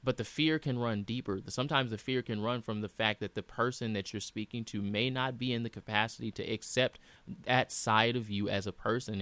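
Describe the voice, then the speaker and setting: A man hosts a reflective personal monologue in an earnest voice that sits on the low side but has a tense, bright edge. He circles back and repeats phrases for emphasis. The sound is dry, with no room around it. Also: no echo.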